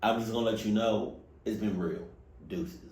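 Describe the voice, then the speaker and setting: A man hosting a reaction video, joking loudly and then trailing off to mutters. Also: fairly low pitch, normal speed, echoey room. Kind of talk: comedic reaction commentary.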